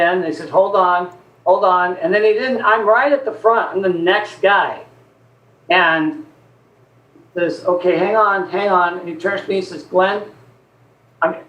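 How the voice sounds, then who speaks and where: High-voiced man telling a story. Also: reverberant, low-quality recording. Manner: animated storyteller acting out quotes. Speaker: guest. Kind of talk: casual storytelling chat.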